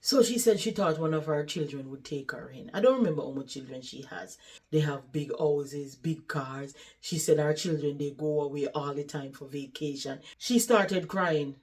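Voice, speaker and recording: A woman's voice: deep voice, moderate pace, darkish tone. A woman who works as a caregiver, earnestly retelling a patient's story in a conversational vlog. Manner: earnest, conversational retelling with many "she said" tags.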